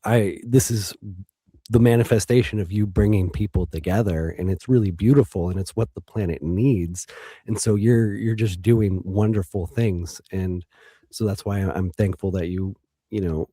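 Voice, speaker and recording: A man speaking as a guest in an interview, reflective and hesitant, with frequent pauses and restarts. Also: fairly low pitch, dark tone, dry recording, clean studio sound. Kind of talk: casual interview talk.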